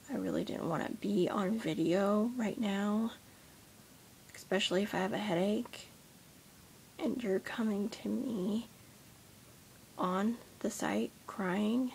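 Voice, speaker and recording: Slow, gravelly young woman half-whispering. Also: medium pitch, a little hiss or hum. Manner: soft, half-whispered and rambling. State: tired with a headache. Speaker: vlogger. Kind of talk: casual rant to camera.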